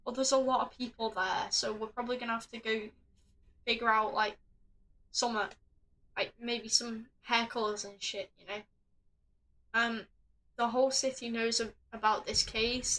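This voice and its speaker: A woman's voice: a little high, steady tone, moderate pace, pauses often, rough recording. A young woman streaming a puzzle game, reading game text aloud and swearing in frustration. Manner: swears a lot, exasperated, bursts into loud laughing rants. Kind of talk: casual live game commentary.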